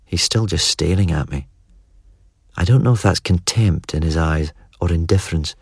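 A man reading first-person narration for an audiobook in a measured, even delivery. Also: low voice, breathy edge, dry recording, clean studio sound.

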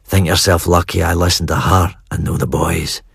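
A man voicing a gruff, cold middle-aged family head in an audiobook, speaking in blunt, clipped, disdainful lines. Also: low-pitched, flat delivery, moderate pace, no room sound, clean studio sound, exaggerated voice. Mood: cold, scornful. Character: gruff middle-aged Scottish clan patriarch, cold and contemptuous. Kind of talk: audiobook character voice.

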